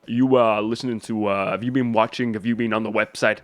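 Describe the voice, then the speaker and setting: A chummy Cockney bloke, as a man puts him on, the accent laid on thick and clumsy. The voice sits lowish and sounds smooth and close, with a dry, dead room around it. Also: steady tone, fairly quick, no echo, close to an everyday voice. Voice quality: exaggerated, self-admittedly awful accent. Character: casual Cockney bloke asking about a website.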